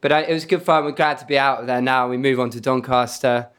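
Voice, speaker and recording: A man with a mid-pitched voice, co-hosting a relaxed chat. He tells quick, lively anecdotes and laughs as he goes. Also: smooth. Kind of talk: casual chat.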